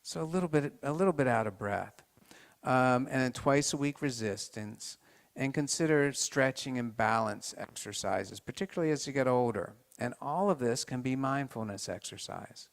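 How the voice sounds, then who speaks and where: A man giving an informal health talk to a live group, halting with many restarts and turning to the audience with questions. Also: medium pitch, lively intonation, vocal fry.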